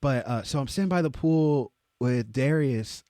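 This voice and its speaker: A young man co-hosting a podcast, telling casual stories with lots of swearing and sudden high, exclaimed quotes. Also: normal speed, warm tone, no echo, clean studio sound. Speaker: podcast co-host. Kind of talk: casual storytelling.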